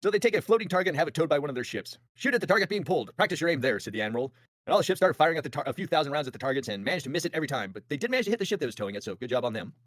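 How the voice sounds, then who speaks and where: Fast-talking animated male podcast host. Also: on the high side, no echo. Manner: fast, animated, jokey retelling with voiced asides. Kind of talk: casual history storytelling.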